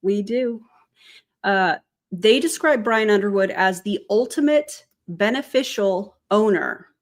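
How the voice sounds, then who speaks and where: A woman's voice: medium pitch, lively intonation, a little slow. A woman hosting a casual commentary vlog, chatty, tossing in sarcastic asides and correcting herself as she goes. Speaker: commentary channel host.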